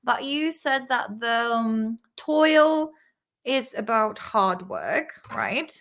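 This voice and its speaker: A woman's voice: fairly high pitch, sing-song, drawn-out words, creaky, a bit bright. A woman chatting casually while studying vocabulary, repeating words aloud and swearing and laughing freely. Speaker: English vocabulary vlogger.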